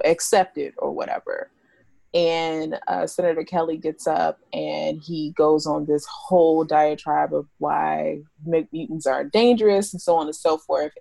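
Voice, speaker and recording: Low, gravelly woman in casual chat. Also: dark tone, no room sound. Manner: chatty, laughs often, restarts sentences. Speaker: podcast co-host.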